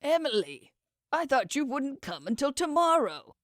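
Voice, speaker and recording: A woman voicing a suspicious male research station chief in an audiobook, without lowering her voice much. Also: very animated, a little slow, no room sound, studio quality. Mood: guarded. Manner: guarded, suspicious. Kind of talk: audiobook character voice.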